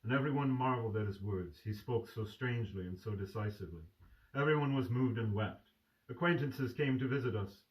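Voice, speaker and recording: A man's voice: on the low side, a little fast. Man reading a novel aloud, emotional. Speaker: storyteller. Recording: distant mic.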